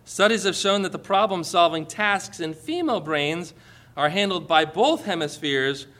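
A pastor preaches to his congregation in church, cracking jokes and calling out for amens. His voice sits high and a bit bright, at a moderate pace.

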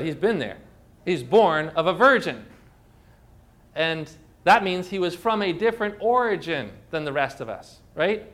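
A man's voice: high voice, a bit bright. A man preaching a sermon as pastor, emphatic and full of rhetorical questions. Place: church. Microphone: phone.

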